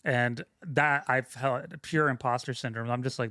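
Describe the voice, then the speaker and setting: A young man rambles casually through career stories, stopping and restarting with plenty of fillers. His voice sits at a middle pitch. The recording is dry and close. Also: steady tone, moderate pace, pushed and bright, no echo. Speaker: guest, film sound mixer. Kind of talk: casual interview storytelling.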